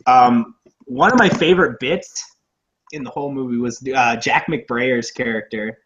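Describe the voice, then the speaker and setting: A young man co-hosting a casual movie podcast, rambling, profane and excitable. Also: medium pitch, a little slow, muffled recording. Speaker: podcast co-host.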